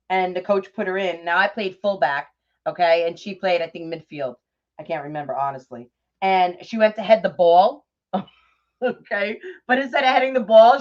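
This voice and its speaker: A middle-aged woman hosting a craft livestream, chatting casually, greeting viewers by name and laughing often. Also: on the low side. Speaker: livestream host of a bow-making craft show. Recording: dull lo-fi livestream audio.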